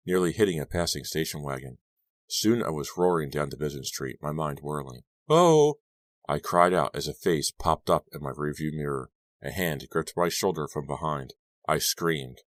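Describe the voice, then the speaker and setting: A man's voice: very deep voice, normal speed, fairly bright tone, dry recording. A man reading an audiobook aloud as tense first-person storytelling. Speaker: audiobook narrator. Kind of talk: scripted audiobook narration.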